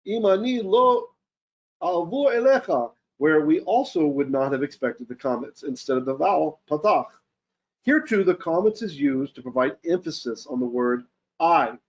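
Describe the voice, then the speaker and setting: A man's voice: a little high, expressive, moderate pace. A man teaching a Torah lesson, reading Hebrew verses aloud and then translating and explaining them as he thinks them through. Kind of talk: Bible study lesson.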